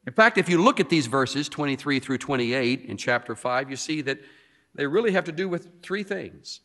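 A man's voice: medium pitch, expressive, moderate pace, pushed and bright. A man preaching an expository sermon, drawing out key words for emphasis. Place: church sanctuary. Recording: long reverb of a hall.

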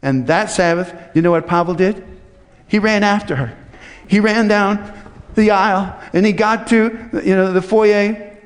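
A man's voice: high voice, unhurried. A man preaching a sermon in a church, telling a story in a conversational, folksy way and acting out the dialogue. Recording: long hall reverb.

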